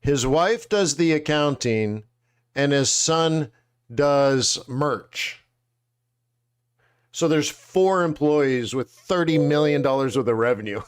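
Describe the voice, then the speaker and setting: Animated man telling stories. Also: a little high, takes it slowly, smooth. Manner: animated storytelling, slangy, acts out quotes. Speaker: trading webinar host. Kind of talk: casual chat.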